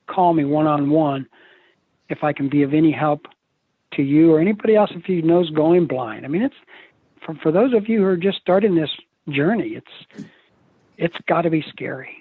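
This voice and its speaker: An older man with a husky, slightly high voice gives a motivational talk full of folksy stories and jokes. The sound is tinny and dry, like audio from a video call. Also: moderate pace, long pauses, no room sound. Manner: folksy, joking storyteller. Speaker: motivational speaker. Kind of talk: live seminar talk.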